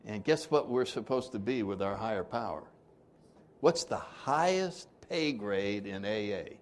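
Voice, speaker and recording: Animated joking older man. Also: on the low side, a little slow. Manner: joking, conversational, asks the audience questions. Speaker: recovery workshop speaker. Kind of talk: informal recovery talk.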